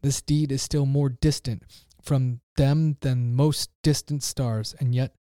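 A man's voice: mid-range voice, steady tone, takes it slowly, mellow, no room sound, clean studio sound, lightly acted. A man voicing a frantic grown man who cries out urgent questions to a crowd, read in a declaiming way. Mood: solemn.

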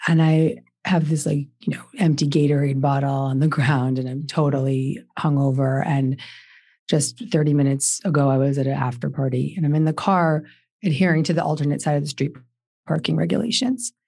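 A woman's voice: deep voice, fairly even intonation, normal speed, vocal fry, mellow, dry recording, studio quality. A woman in her forties, a guest author on a podcast, telling her personal story earnestly with emphatic repeated questions.

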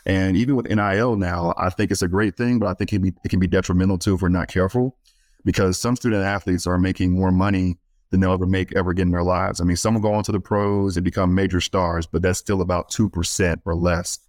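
Deep-voiced earnest man telling stories. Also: fairly even intonation, quick pace, a little mellow, dry recording. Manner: earnest storyteller, many fillers and restarts. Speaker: guest speaker and author working with student athletes. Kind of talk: conversational podcast interview.

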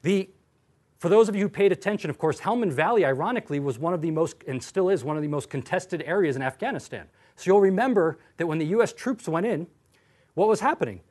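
Animated, high-voiced male lecturer. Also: fast. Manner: animated, sarcastic, acts out quotes.

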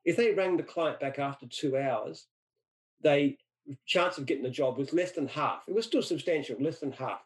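A man's voice: on the high side, moderate pace, low-quality recording. A middle-aged man from Australia answers interview questions with anecdotes. He speaks emphatically and repeats words when he restarts a sentence. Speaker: franchise founder.

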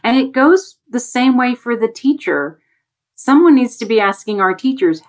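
A woman's voice: a little high, moderate pace. A woman on a remote video call, a guest telling a classroom story in a chatty way and acting out the voices of the people she quotes. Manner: animated, acts out quoted voices. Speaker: education guest on a panel. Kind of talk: conversational storytelling.

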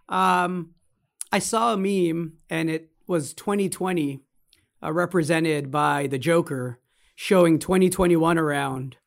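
Creaky-voiced man in his forties hosting. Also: fairly high pitch. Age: 40s. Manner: emphatic, deliberate delivery. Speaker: podcast host. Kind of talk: casual podcast chat.

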